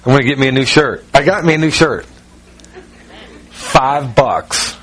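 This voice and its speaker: A man with a Southern US accent, from Ohio, preaching in a relaxed, folksy, self-mocking way with many fillers. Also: medium pitch, a little slow. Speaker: pastor. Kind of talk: conversational sermon.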